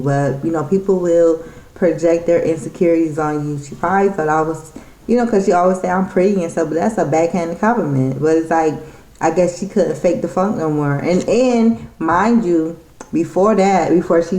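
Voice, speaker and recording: A woman's voice: deep voice, mellow, echoey room. A woman telling a story in a casual vlog, rambling and irritated, with many restarts. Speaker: vlogger.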